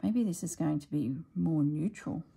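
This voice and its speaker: A middle-aged woman chatting casually while she stitches, thinking aloud and drifting into soft asides. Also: deep voice, moderate pace, creaky, breathy edge, low-quality recording. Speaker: slow-stitching vlogger.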